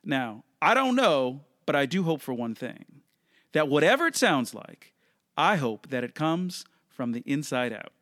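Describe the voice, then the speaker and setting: A man hosting his own podcast, talking through a casual solo monologue at a close microphone, conversational and sometimes jumping up in pitch. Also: sing-song, a little slow, a bit bright, dry recording. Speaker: podcast host.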